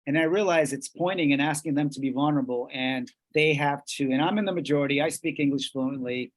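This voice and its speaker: A Colombian man with a voice on the high side presents a workshop in a measured way. He pauses and restarts as he switches between English and Spanish.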